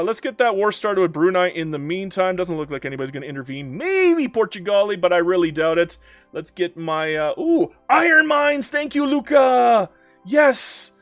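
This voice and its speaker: Excitable, lively man streaming a strategy game. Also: sits high, no echo. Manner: excitable and playful, talks to in-game nations. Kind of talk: live strategy-game commentary, reading chat.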